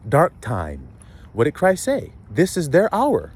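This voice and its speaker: A man's voice: fairly high pitch, huge pitch swings, slow pace, a little mellow, slightly rough. Guy preaching, swears a lot, voice swoops up and down, hits the crowd with questions. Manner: blunt, profane street preaching with rhetorical questions. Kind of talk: sermon.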